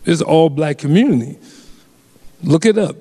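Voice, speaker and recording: An earnest man with a slightly high voice tells a personal story at a community forum. He speaks haltingly and often restarts and repeats his phrases. His voice carries a long reverb from a large hall. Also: lively intonation, dark tone, breathy edge.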